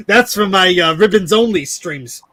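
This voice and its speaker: A man co-hosting a casual video-call chat, trading sarcastic banter and quick quips. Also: sits high, lively intonation, pushed and bright, slight background noise.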